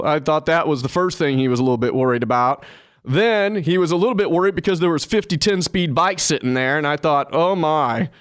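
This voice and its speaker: A man hosting a radio talk show, telling lively anecdotes and chuckling along the way on a studio microphone. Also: on the high side, smooth, no room sound. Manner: animated anecdotal storyteller, chuckling as he goes.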